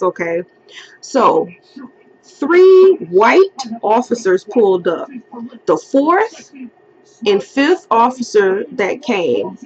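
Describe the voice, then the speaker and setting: Young woman vlogger, slow-spoken storyteller, dramatic quoted outbursts, muffled lo-fi audio. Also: a little hiss or hum. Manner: emotional storytelling, acts out quotes in a high crying voice. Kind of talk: storytime vlog.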